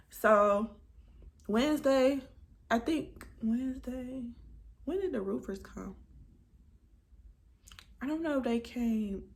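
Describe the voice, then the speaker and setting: Gravelly-voiced woman telling a story. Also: a little high. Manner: animated, dramatic retelling with quoted dialogue. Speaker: vlogger. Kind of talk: casual storytime chat.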